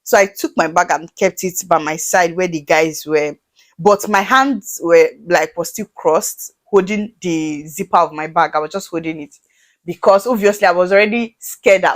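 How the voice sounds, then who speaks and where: A woman's voice: medium pitch, normal speed. A young Nigerian woman with a Nigerian accent, telling a storytime vlog and acting out the people in it. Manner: animated, acts out dialogue in shifting voices. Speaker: vlogger.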